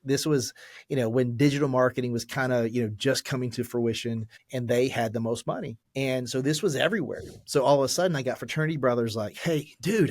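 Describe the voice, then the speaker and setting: A man's voice: mid-range voice, a little mellow, no room sound. Earnest man in his forties, dry sound. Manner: earnest, halting, full of fillers and restarts. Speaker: pastor, podcast guest. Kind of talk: candid personal testimony in a podcast interview.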